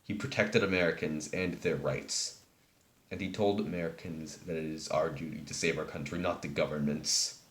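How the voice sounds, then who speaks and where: Guy with a deep voice reading out a formal speech, steady and measured. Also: echoey room. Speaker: speech giver. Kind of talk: read-aloud speech.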